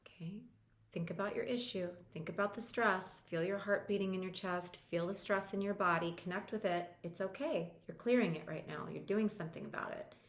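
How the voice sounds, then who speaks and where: A woman coach leading a guided tapping lesson, talking the listener through each step in a calm, reassuring way. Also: medium pitch, a little fast. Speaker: EFT practitioner and coach. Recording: roomy echo.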